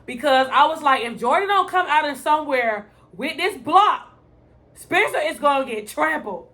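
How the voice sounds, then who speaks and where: Excitable woman shouting at the TV. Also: high-pitched, moderate pace. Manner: loud, animated, shouts at the screen then chats calmly to viewers. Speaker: TV reaction vlogger. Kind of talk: excited reaction commentary.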